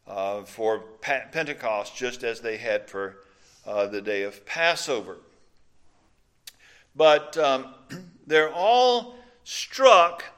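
Middle-aged preacher from coastal mississippi, mississippi accent, chatty sermon, lots of uh's and easy pauses. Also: male voice, mid-range voice, fairly bright tone. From Mississippi Gulf Coast. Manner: conversational, unhurried, with frequent filler pauses. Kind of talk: sermon teaching with folksy anecdotes.

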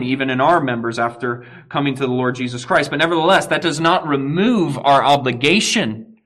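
A man preaching a sermon to his congregation, earnest, swelling at key points and dropping to a quiet, low emphasis. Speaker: pastor.

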